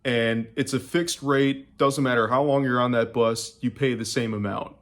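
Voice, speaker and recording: A man's voice: medium pitch, steady tone, moderate pace, fairly bright tone. A young man from the United States giving a casual, rambling travel recap to camera, full of fillers and restarts. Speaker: travel vlogger.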